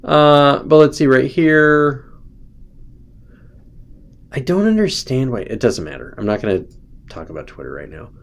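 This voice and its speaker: A man's voice: medium pitch, big pitch swings, a little slow, vocal fry, long pauses. A man hosting his own show, talking in a loose, ranting, sarcastic way and often slipping into mocking quotes. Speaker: host. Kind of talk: casual political commentary.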